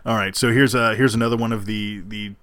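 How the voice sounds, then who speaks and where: A man hosting a show, chatting casually and hesitantly, with frequent pauses and restarts, on a close, dry mic. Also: on the low side, steady tone, a bit bright, clean tone, no room sound. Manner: hesitant, lots of ums and restarts. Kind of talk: casual chat.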